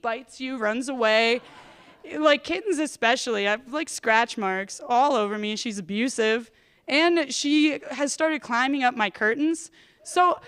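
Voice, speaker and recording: A woman's voice: high-pitched, fairly bright tone, clear, resonant tone. A woman in her thirties performing a rambling, self-deprecating stand-up comedy set on stage. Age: 30s.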